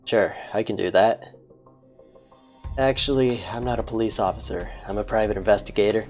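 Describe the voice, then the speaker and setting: A woman's voice: extremely low pitch, normal speed, a little mellow. A woman reading a visual novel aloud, voicing its lead with wry, casual asides. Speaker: gameplay narrator. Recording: faint game music behind.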